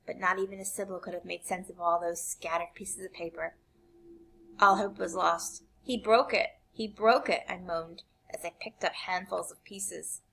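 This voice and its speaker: A woman reading a novel aloud in an expressive way, shifting between quiet and intense passages. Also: lowish voice, normal speed, creaky, slightly rough. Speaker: reader.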